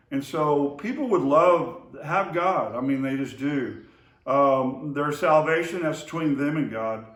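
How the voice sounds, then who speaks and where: Heard from across an echoey room, a man with a slightly high, fairly bright voice rambles casually through recollections of his brother. He hails from the Oklahoma–Texas area and leans heavily on fillers and restarts.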